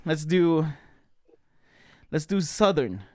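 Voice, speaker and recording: A man's voice: a little high, sing-song, slow pace, no room sound, studio quality. A man hosting a casual podcast interview, upbeat and encouraging, laughing often. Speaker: podcast host.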